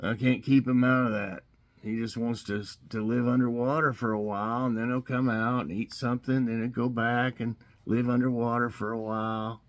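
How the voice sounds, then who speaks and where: A man's voice: mid-range voice, level tone, moderate pace. A middle-aged man with a Southern US accent, casually reading trivia questions and joking about the silly answers with plenty of chuckles. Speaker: host.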